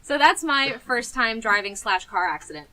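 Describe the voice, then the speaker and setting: A woman's voice: fairly high pitch, very animated, normal speed, pushed and bright, low-quality recording. A woman, telling a story on a casual podcast and acting out the voices she quotes. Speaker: podcast co-host. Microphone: podcast mic.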